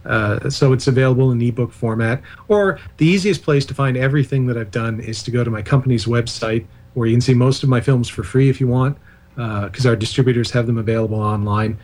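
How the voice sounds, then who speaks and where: Man, radio interview guest, talkative, digressive, mid-pitched voice. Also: a little fast, darkish tone. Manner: discursive, digressive, self-deprecating asides. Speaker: author and filmmaker guest.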